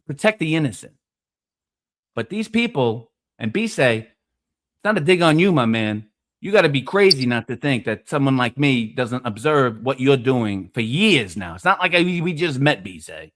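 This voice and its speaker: A man ranting in casual streamed panel chat, profane and preachy, with loud emphatic bursts. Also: mid-range voice, very animated, normal speed. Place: online streaming call.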